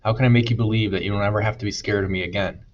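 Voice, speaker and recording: A man voicing a remorseful, gentle teenage boy who speaks earnestly. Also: fairly low pitch, steady tone, very fast, highs cut off, natural voice. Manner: earnest, pleading.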